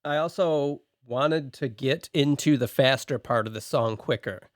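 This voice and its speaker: A man with a medium-pitched voice works through a list of notes in a relaxed, methodical podcast chat. The sound is close and dry, with no room around it. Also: measured pace, no echo. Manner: methodical, talks through his notes point by point. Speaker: podcast co-host and song producer. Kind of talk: casual podcast discussion.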